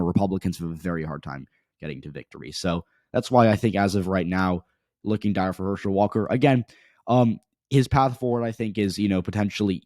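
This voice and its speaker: Hoarse young man, deep dry voice. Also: a little mellow, no echo. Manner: rambling, self-correcting delivery. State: hoarse from yelling. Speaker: political commentator. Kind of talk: casual election analysis.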